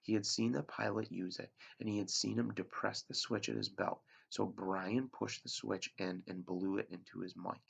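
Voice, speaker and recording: A male teacher reading a novel aloud to his class with expressive narration. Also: lowish voice, moderate pace, gravelly, hardly any pauses, breathy edge.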